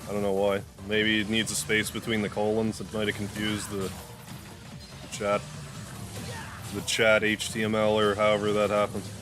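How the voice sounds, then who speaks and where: A man hosting a gaming livestream, chatting loosely while playing and cooing softly at his cat. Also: on the low side, completely flat delivery, moderate pace. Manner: rambling, loose, full of "like"; softens to a coo when talking to his cat. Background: game music.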